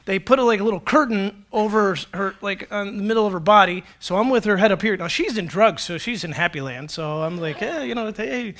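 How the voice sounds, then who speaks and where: A male pastor in his forties tells a sermon story with a high, bright voice. He acts out the voices of people in his anecdotes and jokes about himself as he preaches from a church stage. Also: fairly quick, hardly any pauses. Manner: animated, self-deprecating, acts out quotes.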